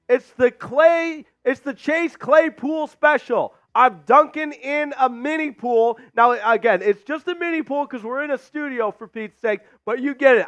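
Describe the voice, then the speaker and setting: A man's voice: very high-pitched, clear, resonant tone, no room sound, highs cut off. A man hosting a live sports stream from a studio, out of breath after push-ups and hyping up the chat. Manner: hyped, shouting out chat names.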